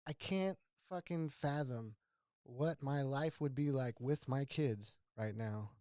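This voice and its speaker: Middle-aged dude, mellow warm voice, blunt jokey podcast chat, dry mic. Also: male voice, medium pitch, slow, no room sound. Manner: blunt, joking, swears casually. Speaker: podcast co-host. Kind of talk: casual chat.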